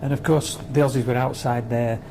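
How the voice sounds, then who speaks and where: A man's voice: medium pitch, fairly even intonation, brisk. A man interviewing a guest, asking brief prompting questions. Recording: noisy, off-mic.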